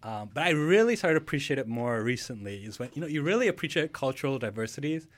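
A podcast co-host with a mid-range voice talks fast in relaxed, casual chat, rambling with plenty of fillers and restarts.

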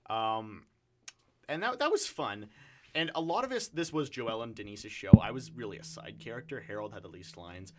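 A man's voice: medium pitch, very animated, a little fast, a bit bright. A man talking as an actor guest in a casual chat, telling anecdotes in a chatty way with many fillers.

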